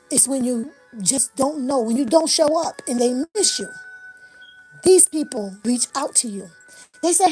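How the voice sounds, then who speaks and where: Impassioned high-voiced woman in her fifties. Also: animated, moderate pace, warm tone, faint music behind, poor audio. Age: 50s. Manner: impassioned, preacher-like cadence with repeated affirmations. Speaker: livestream host. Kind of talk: motivational livestream talk.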